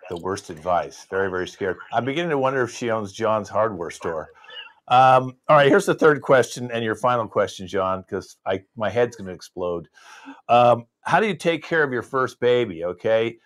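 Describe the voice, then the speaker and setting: Man, improviser, low voice, mock-anxious, exaggerated, video call. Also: animated, normal speed. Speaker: improv performer. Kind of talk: improvised comedy scene.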